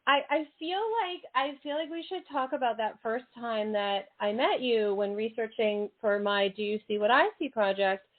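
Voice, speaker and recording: A woman's voice: a little high, normal speed, hardly any pauses. A woman hosting a radio show in casual interview chat, bubbly and chatty with frequent laughs and exclamations. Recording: tinny phone-like line.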